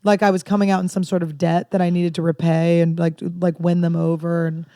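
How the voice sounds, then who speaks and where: A woman comedian in her thirties telling candid, rambling stories with dark jokes in a casual podcast chat. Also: fairly low pitch, little pitch movement, a little fast, dry recording, studio quality. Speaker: comedian guest.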